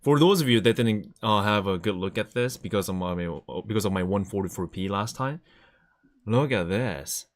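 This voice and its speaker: A man's voice: lowish voice, normal speed. A man chatting casually on a live stream, enthusiastically showing items to the camera.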